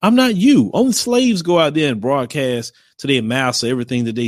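A man's voice: medium pitch, a little fast, hardly any pauses, dry recording, clean studio sound. A man hosting a casual commentary show and talking bluntly to viewers. He rambles, repeats phrases and slips into mocking voices.

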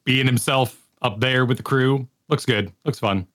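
A man co-hosting a podcast, chatting casually about movies, searching for words and then rattling off quick lists. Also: medium pitch, fairly bright tone. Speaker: podcast co-host.

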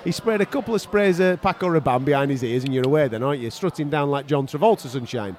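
A man's voice: a little high, fast, darkish tone. A man hosting a podcast, chatting casually from arena seats at a boxing event and teasing his co-host with laughing, sweary banter. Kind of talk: casual chat.

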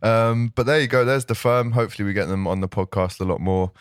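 A man with a lowish voice hosts a casual football podcast, chatting and laughing easily. The sound is dry and close, with no room around it. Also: fast, clear, resonant tone, no room sound. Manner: chatty, laughs often, reads out lists. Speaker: podcast host.

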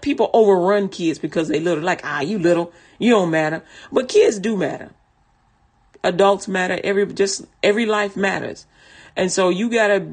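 A woman casually telling a personal story in conversational, vernacular speech, often laughing and restarting her sentences. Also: fairly low pitch.

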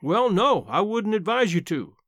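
A man voices a sharp-tongued elderly countrywoman in an audiobook, grumbling and matter-of-fact. Her talk is high-set and swings freely in pitch, with a blunt edge. The recording is dry and close with no room sound. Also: sing-song, normal speed, dry recording, full character voice. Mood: scolding, practical. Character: blunt, plainspoken elderly aunt, woman.

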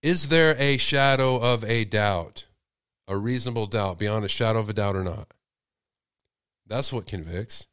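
A man's voice: fairly low pitch, unhurried, fairly bright tone, smooth, no echo, studio quality. Sick man hosting a call-in show. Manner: speculative, asks rhetorical questions. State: sick with a cold. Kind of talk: casual call-in show talk.

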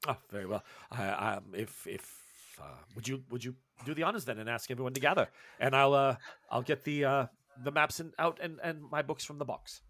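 A man's voice: mid-range voice, a little fast, fairly bright tone, no room sound, voice pushed down, close to an everyday voice. A man voicing a timid, polite male professor who stammers and keeps restarting his sentences. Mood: hesitant. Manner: hesitant, stammering, full of restarts.

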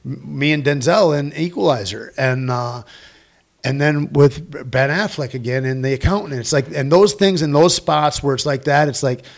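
Man, gravelly voice, stunt performer, casual interview, salty storytelling. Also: on the high side, normal speed. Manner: profane, rambling anecdotes with quoted dialogue.

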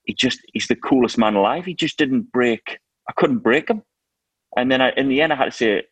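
A man co-hosting a casual chat, telling lively stories and laughing often. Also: medium pitch, brisk, slightly rough, no room sound. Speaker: co-host.

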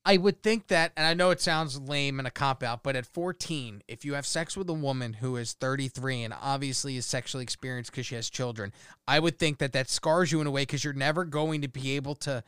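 A man's voice: mid-range voice, fairly quick, a bit bright, smooth, no room sound, studio quality. A man in casual podcast banter, brash and teasing with crude humor.

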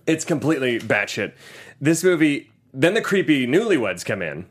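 A man's voice: medium pitch, sing-song, normal speed. Joking young guy riffing on a movie. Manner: joking, laughing, acting out quotes. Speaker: podcast host. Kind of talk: casual movie chat.

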